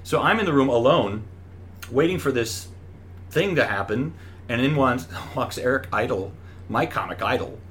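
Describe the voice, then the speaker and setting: A man's voice: moderate pace, a little hiss or hum. A middle-aged man, a stage actor, chatting in an interview and acting out the voices of people in his stories. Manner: animated storyteller who acts out voices with big pitch jumps. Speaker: Broadway actor, guest. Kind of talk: casual interview chat.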